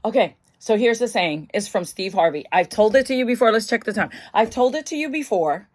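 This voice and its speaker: A bubbly, chatty middle-aged woman talks to her phone camera about mental wellness in a casual vlog. She speaks at medium pitch, animated and brisk, and keeps breaking into laughter and shrieks.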